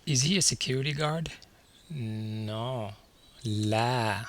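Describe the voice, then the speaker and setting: A man's voice: mid-range voice, takes it slowly, a little hiss or hum. A man teaching a beginner language lesson over slides, patiently repeating each word and checking in with the learner. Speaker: Arabic teacher.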